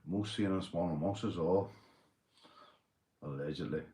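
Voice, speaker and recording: Tipsy Northern Irish man host, low voice, sweary rambling chat to viewers. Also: unhurried, mellow, roomy sound. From Northern Ireland. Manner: rambling, sweary, laughs often. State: tipsy after a few beers. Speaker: livestream host. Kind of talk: casual livestream chat.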